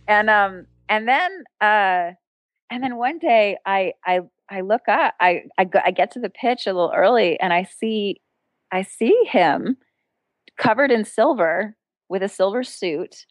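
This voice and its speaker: Lively woman telling a street story. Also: unhurried, no echo. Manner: animated, acts out quoted voices with a jump in pitch; laughs often while telling. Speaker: guest, street performer and entertainer. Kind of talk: storytelling anecdote in conversation.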